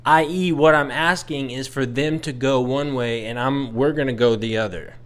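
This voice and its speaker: A man's voice: medium pitch, normal speed. A man, bluntly venting as he tells a story in a casual vlog. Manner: exasperated, venting, blunt with swearing. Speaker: vlogger.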